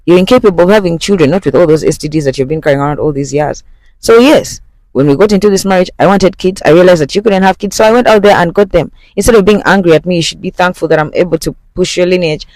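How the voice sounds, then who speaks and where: A man voicing a cold, unapologetic unfaithful wife in a retold movie scene, with sharp, dismissive retorts. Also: sits high, quick pace, no echo, close to an everyday voice, rough recording. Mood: defiant.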